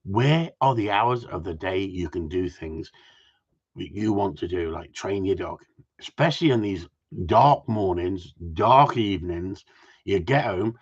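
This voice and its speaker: A gundog trainer chats casually with viewers outdoors in the cold, reading their comments and joking as he rambles. His low voice is animated and unhurried, with a breathy edge, and the recording sounds muffled and lo-fi.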